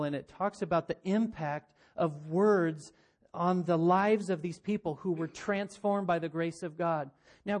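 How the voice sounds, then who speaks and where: A man's voice: a little high, a little mellow. A man preaching a sermon, earnest and questioning, often voicing imagined listeners as he speaks. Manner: earnest, uses rhetorical questions and quoted voices. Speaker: pastor.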